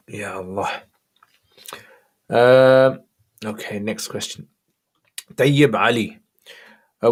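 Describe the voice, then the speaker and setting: A man answering religious questions on a livestream, reading each viewer question aloud and replying in a casual, relaxed way. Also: mid-range voice.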